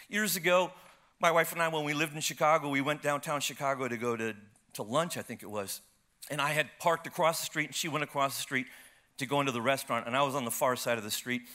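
A man preaching, his voice pitched high and ringing bright. He tells his story with wide leaps of pitch, surging loud and then dropping to a hush, like a practiced storyteller from the pulpit. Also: brisk. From United States. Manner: animated storyteller, swings from loud to hushed. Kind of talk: sermon with a personal story.

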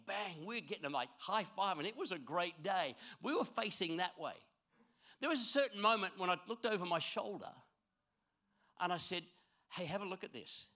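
A male pastor delivers an animated sermon. His voice sits a little high and has a bright, forceful edge. He swings between loud, emphatic lines and hushed ones.

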